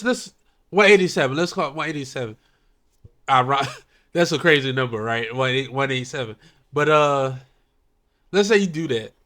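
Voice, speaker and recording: A man in casual chat, reacting and working through numbers out loud. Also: fairly high pitch.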